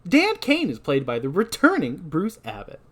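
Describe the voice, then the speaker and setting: A man's voice: high-pitched, huge pitch swings, normal speed. Rambling man recapping a movie. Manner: rambling, self-deprecating, breaks into shouted line readings. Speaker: podcast host. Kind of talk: casual podcast recap.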